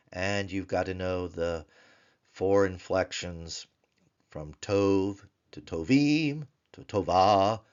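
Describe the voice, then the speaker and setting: A man teaching Biblical Hebrew grammar in a recorded lesson, explaining slowly and chanting word forms in a sing-song voice. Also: low-pitched, highs cut off. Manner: slow, deliberate explanations.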